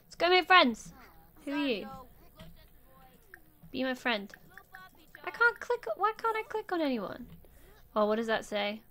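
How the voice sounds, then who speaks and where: A woman's voice: sits high, very animated, a little slow, pauses often, fairly bright tone. A young woman giving casual gameplay commentary, chatty and swearing freely as she talks back at the game's characters. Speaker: gameplay video host.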